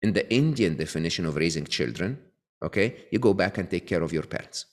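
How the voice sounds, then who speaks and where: Lower-voiced man making his point. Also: animated, fairly quick. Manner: frequent tag questions and restarts. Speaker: guest author. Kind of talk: conversational interview explanation.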